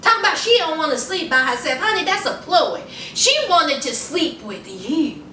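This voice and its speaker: Sassy high-voiced woman, echoey room. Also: moderate pace, distant mic, slight background noise. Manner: sassy, laughing, animated storytelling. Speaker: reality TV reviewer. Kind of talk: casual recap commentary.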